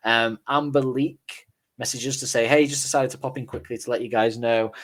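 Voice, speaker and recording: With a mid-range, somewhat bright voice, fairly even intonation and normal speed, a Northern English man co-hosts a podcast. He reads and chats over listener messages in a laid-back manner, cursing and making fun of himself.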